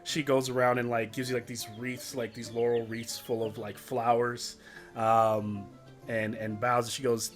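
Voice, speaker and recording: A man's voice: medium pitch, flat delivery, a little slow, faint music behind. Rambling man running a tabletop game. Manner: rambling, full of fillers. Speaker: game master.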